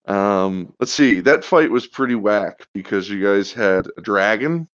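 A man's voice: lowish voice, animated, unhurried, a bit bright, no echo. A man, the game master, casually recapping a tabletop game and checking details with his players. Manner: easygoing, laughs and checks facts with the players. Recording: slightly muffled dry recording.

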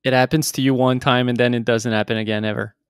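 A man's voice: mid-range voice, level tone, fast, clean tone, no echo, clean studio sound. A male podcast host asking short, conversational questions. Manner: brief, conversational prompts. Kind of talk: interview questions.

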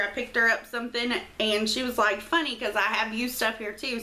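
A woman's voice: fairly high pitch, slight background noise. A middle-aged woman, chatting casually as she opens a friend's mail package at home. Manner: chatty and gushing, squeals with excitement. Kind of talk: casual unboxing chat. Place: quiet home.

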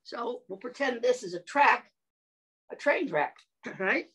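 Woman, children's storyteller, very slow, gentle, questioning, throat-clearing. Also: a little high, expressive. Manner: often clears her throat. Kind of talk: reading aloud and singing to young children.

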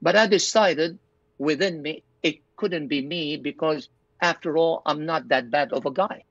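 Older man, earnest testimony, slightly high voice, dull dry lo-fi sound. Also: unhurried, fairly bright tone, dry recording. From Lebanon. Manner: earnest storyteller, acts out his own quoted thoughts. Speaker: pastor and doctor, guest. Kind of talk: personal testimony in an interview.

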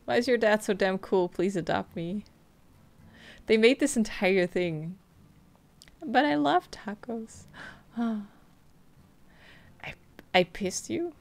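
Gravelly woman reading game texts aloud. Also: mid-range voice. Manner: reads on-screen text messages aloud in a flat, quick way, with frequent laughs. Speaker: gameplay streamer. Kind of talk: casual let's-play commentary.

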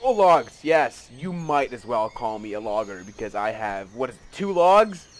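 A man giving casual let's play commentary, excitable and rambling, often gasping and joking at himself. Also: mid-range voice, moderate pace. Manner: excitable, rambling, gasps and self-mocking asides.

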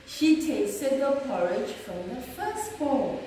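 A woman teacher reading a children's storybook aloud, slow and very expressive, with her pitch rising and falling freely. Her voice sits a little high. It sounds roomy and echoey, picked up from some way off the mic. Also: recorded from a distance. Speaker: early years teacher.

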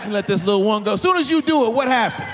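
Animated male stand-up comic, live crowd. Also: high voice, racing. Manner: animated, acts out little scenes with exaggerated voices. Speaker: stand-up comedian. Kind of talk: stand-up comedy set. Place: comedy club stage. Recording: live club recording with crowd laughter and noise. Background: laughing audience.

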